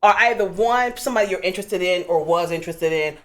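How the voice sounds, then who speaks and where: A woman hosting a call-in radio talk show, outspoken and animated, with lots of casual fillers. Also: lowish voice, fast.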